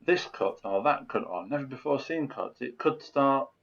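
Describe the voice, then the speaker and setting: A man's voice: mid-range voice, lively intonation, moderate pace, gravelly, dull audio. A man speaking as a podcast guest in casual film chat, rambling and enthusiastic, often saying you know.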